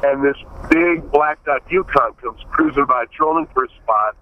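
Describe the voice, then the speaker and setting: A man's voice: fairly high pitch, normal speed, dull audio. A man from Buffalo telling stories in a casual interview, breaking into voices for the people he quotes. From Buffalo, New York. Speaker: guest.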